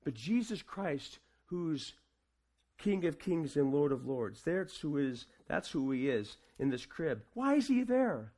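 A man preaching a sermon to his congregation, asking them questions and swinging between quiet, casual asides and raised proclamation. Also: a little high, expressive, slow pace. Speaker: pastor.

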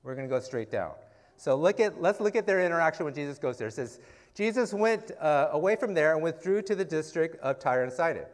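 A man's voice: on the high side, expressive, fairly quick. A man preaching in a casual, conversational Bible-teaching style, often checking in with "okay" and "right?" and asking rhetorical questions.

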